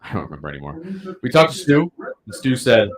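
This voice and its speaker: A man's voice: mid-range voice, sing-song, fast. A man co-hosting a casual bowling podcast, rambling with many fillers and laughing often. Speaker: podcast co-host.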